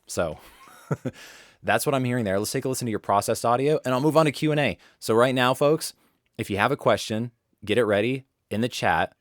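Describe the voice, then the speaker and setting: Talking a bit fast in a medium-pitched voice, a man coaches voice actors in a live webinar from his home studio. He's casual and rambling, frequently restarting what he says, and there's no room sound.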